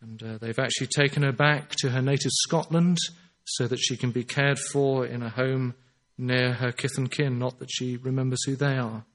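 A man preaching a sermon in an earnest, emphatic way, slowing down on his key phrases. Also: medium pitch, fairly even intonation, a bit bright.

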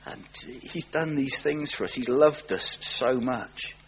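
A man preaching a sermon, earnest, often slowing down and repeating words for emphasis. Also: medium pitch, animated, husky. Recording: dull lo-fi recording with faint hum.

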